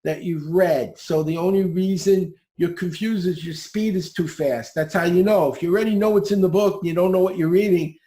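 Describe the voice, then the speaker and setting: High-voiced man in an echoey room. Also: a little fast, hardly any pauses, warm tone. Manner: gives step-by-step instructions, direct and upbeat. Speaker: podcast guest teaching speed reading. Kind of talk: instructive podcast interview.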